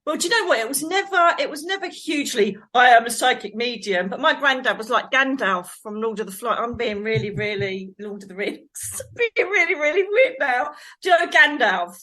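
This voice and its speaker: Woman, middle-aged, from England, high-ish voice, animated, laughing, rambling storyteller. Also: brisk, hardly any pauses. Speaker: psychic medium guest. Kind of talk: conversational storytelling.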